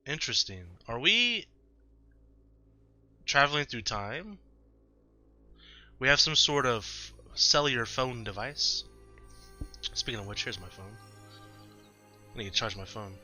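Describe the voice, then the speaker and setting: A man's voice: mid-range voice, expressive, slow pace, long pauses, bright, forceful tone, no room sound, faint music behind. A man hosting a let's-play, rambling through casual gameplay commentary at home and often correcting himself. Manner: rambling, self-correcting, chatty. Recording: slightly dull lo-fi mic.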